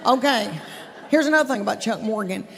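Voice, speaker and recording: A woman's voice: a little high, expressive, a little fast, fairly bright tone, long reverb tail. Chatty Southern woman doing stand-up. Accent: Southern American. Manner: chatty, drawling, addresses the audience directly. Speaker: stand-up comedian. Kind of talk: stand-up comedy set. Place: theater stage before a live audience.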